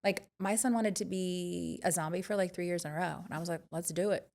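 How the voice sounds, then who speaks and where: A woman's voice: fairly low pitch, fairly even intonation, fairly quick, gravelly, a little mellow. A woman co-hosting a podcast, chatting casually and telling stories as a mother of young kids, trailing off into asides. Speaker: podcast co-host. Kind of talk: casual chat.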